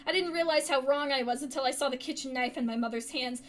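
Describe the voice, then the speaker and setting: A woman streamer reading a story game aloud, expressive with gasping reactions. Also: sits high, fast talker, hardly any pauses. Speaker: gaming streamer.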